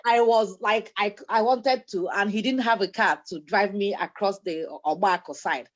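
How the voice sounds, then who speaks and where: A woman telling a personal story in a casual group discussion, lively and laughing as she goes. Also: mid-range voice, moderate pace, muffled recording. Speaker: panelist.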